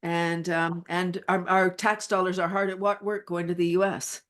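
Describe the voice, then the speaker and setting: A woman's voice: fairly low pitch, level tone, moderate pace. A middle-aged woman from Canada, a wellness advocate guest, chatting energetically in an interview and laughing often as she tells playful stories. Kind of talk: casual interview chat.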